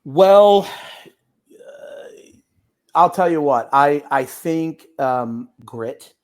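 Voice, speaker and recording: A man's voice: fairly high pitch, animated, very slow. A man, an attorney guest on an interview podcast, talking casually in a rambling way with many fillers and restarts.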